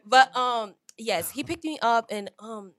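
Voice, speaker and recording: A young woman in a casual faith discussion, bubbly and quick to laugh. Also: fairly high pitch, fairly bright tone, no room sound. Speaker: co-host.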